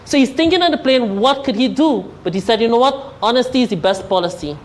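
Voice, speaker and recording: A man's voice: extremely high pitch, animated, quick pace, low-quality recording. Trinidadian man preaching a parable. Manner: keeps addressing listeners as "my dear friends", acts out the parable's dialogue. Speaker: funeral speaker. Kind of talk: storytelling sermon at a Hindu funeral.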